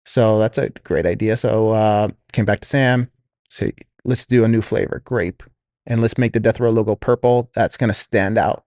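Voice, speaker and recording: A man's voice: fairly low pitch, normal speed, no echo, studio quality. A man casually telling a business story on a podcast, rambling with fillers and restarts and quoting others. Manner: quotes others in lively voices.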